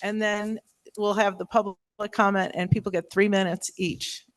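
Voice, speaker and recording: A woman's voice: medium pitch, flat delivery, moderate pace. A woman acting as board president, running the meeting in a procedural, directive way. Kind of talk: chairing a meeting.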